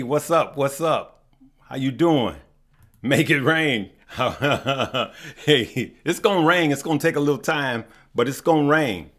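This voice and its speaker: Laid-back male stream host, slow and easygoing, calling out viewers by name. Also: mid-range voice. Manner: unhurried, shout-outs to viewers by name. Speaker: stock market livestream host. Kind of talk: casual livestream chat greeting viewers.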